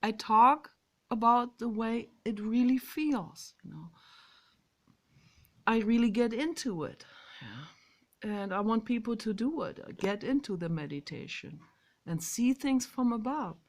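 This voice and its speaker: A woman speaks slowly in a gravelly, fry-laden voice, stretching her words as she muses in a casual vlog. She leans hard on some words and falls to a hushed whisper on others. She is recording outdoors. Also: fairly high pitch, lively intonation. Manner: emphatic and drawn-out, swinging between loud stresses and soft whispers. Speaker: vlogger. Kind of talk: casual spoken monologue on meditation.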